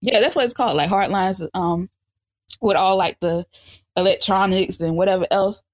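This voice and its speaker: A young adult woman chats loosely on a podcast, loud and lively. She swears freely and laughs often. The recording is dry and close. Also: medium pitch, moderate pace, no room sound. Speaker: podcast co-host. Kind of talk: casual podcast chat.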